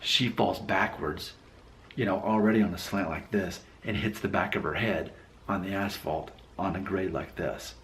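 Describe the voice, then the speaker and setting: Low-voiced man in a reflective vlog. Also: fairly even intonation, moderate pace, a bit bright, slight background noise. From Alabama. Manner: reflective, rambling, self-correcting. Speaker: vlogger. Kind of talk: casual storytelling vlog.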